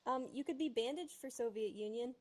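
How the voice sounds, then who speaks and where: Brief: polite woman gamer, soft and coaxing, high voice. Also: brisk. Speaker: other player. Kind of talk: in-game voice chat.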